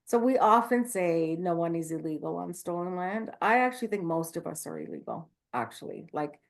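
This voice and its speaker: A woman's voice: on the low side, big pitch swings, moderate pace, gravelly. A woman midwife speaking passionately and candidly on a video call, with many fillers and restarts. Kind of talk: online talk Q&A, casual.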